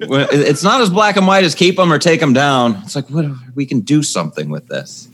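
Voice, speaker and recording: A man's voice: a little high, expressive, brisk, a bit bright, a little hiss or hum. A man chatting casually on a podcast, joking and reflective.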